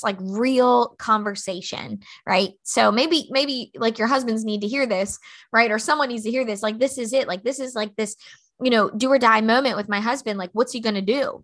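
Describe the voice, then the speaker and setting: A woman's voice: mid-range voice, a bit bright. A woman in her thirties hosting a podcast, telling a personal story in a chatty way with many fillers and restarts. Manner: chatty, fast, lots of "like" and restarts. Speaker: podcast host.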